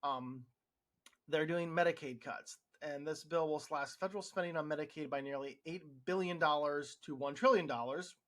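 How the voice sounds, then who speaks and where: A man's voice: on the high side, moderate pace, a bit bright. A man who works in healthcare, giving a frustrated, sarcastic opinion monologue with frequent restarts. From United States. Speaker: healthcare worker podcast host.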